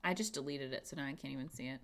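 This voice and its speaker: A woman's voice: rumbling low, rapid-fire. A young woman streamer chatting casually and giggling, talking to herself as she reads things out. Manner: chatty, giggly, talks to herself while reading. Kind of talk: casual chat.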